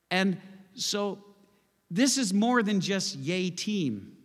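A man preaching a sermon as pastor, animated and wry, leading his congregation to repeat phrases with him. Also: high-pitched, extremely slow, long reverb tail. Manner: animated, leads congregation in call-and-response, wry asides. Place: church sanctuary.

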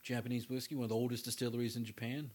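Husky young guy rambling on a podcast, laughing and cussing, loose casual talk. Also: medium pitch, little pitch movement, racing, a little mellow. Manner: rambling, laughs a lot, swears freely. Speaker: podcast co-host. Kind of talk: casual chat.

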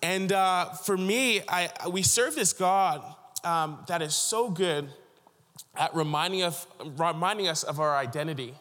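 A man preaching a sermon, his voice sitting a touch higher than most men's. He tells stories earnestly, often restarting his sentences. His words ring with the long reverb of a big church hall. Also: a little slow, a bit bright. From Canada (Ontario). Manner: earnest storytelling with frequent restarts. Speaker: pastor.

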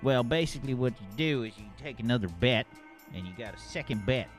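A man's voice: mid-range voice, lively intonation, brisk, soft background music, close to an everyday voice. A man voicing a chatty male blackjack dealer with a Southern American accent, rambling through advice. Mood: advising.

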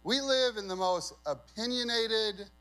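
A man with a fairly high voice preaches a sermon in a relaxed, conversational way. He stresses his key points and keeps throwing questions out to the congregation. A faint mains hum runs under the recording. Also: measured pace, smooth, rough recording. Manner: conversational, emphatic, asks the crowd questions. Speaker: pastor.

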